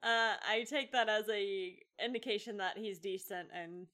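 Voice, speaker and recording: A woman's voice: medium pitch, moderate pace, sharp tone. A woman playing a tabletop game, describing her character's actions in a hesitant, giggly way. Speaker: player.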